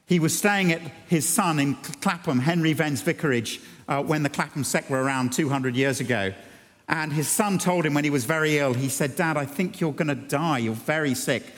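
Male preacher, high voice, earnest sermon delivery in a big reverberant church hall. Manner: earnest, building to emphatic peaks. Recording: long reverb of a large hall.

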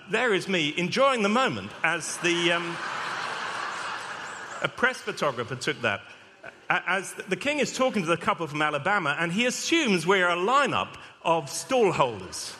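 A man's voice: on the high side, sharp tone. A man, a vicar, preaching a sermon and telling a humorous story. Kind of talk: sermon with anecdote. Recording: long hall reverb.

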